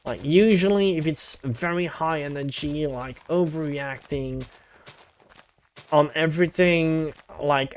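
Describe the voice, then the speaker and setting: A man's voice: fairly high pitch, measured pace. A male VTuber chatting casually with his stream, laid-back and rambling, with casual swearing.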